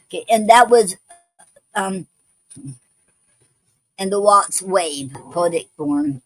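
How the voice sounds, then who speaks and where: A woman's voice: mid-range voice, no echo, rough recording. A woman hosting an online poetry show, talking casually with many ums, restarts and repeated okays.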